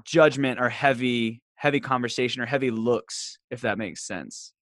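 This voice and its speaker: A man's voice: mid-range voice, moderate pace, fairly bright tone, no echo, studio quality. A man from Southwestern Virginia with a light Southern accent, hosting a casual podcast chat, laughing often as he tells stories. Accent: Southern American, light. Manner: chatty, laughs often, playful storytelling. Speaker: podcast host. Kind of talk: casual conversation.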